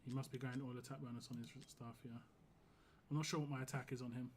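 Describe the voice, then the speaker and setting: A hoarse man streaming a game live, giving casual, rambling commentary full of "like". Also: mid-range voice, level tone, fast, background noise. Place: home gaming setup.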